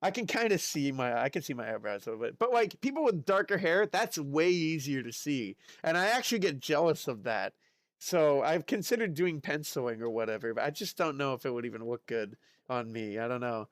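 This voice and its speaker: A man streaming live, chatting casually and reacting excitedly to chat messages. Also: mid-range voice, a little fast, no echo, studio quality. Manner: chatty, excitable, lots of fillers and exclamations.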